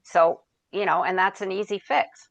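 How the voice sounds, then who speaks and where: A woman's voice: mid-range voice, steady tone, normal speed, gravelly, no room sound. A woman guest on an interview podcast, telling stories and advice in a conversational way, sometimes searching for words. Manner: storytelling, searches for words, quotes herself and others. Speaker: podcast guest, founder and coach.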